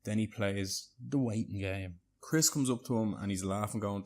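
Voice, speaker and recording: A man's voice: lowish voice, moderate pace. A man telling a prank story casually, rambling and checking in with "right?" and a bit of swearing.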